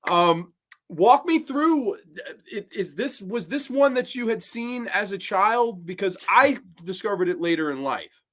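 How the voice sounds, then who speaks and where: A man's voice: high voice, lively intonation, a little slow, a bit bright. A man hosting a podcast in casual chat, earnest and emphatic, with frequent restarts. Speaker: podcast host.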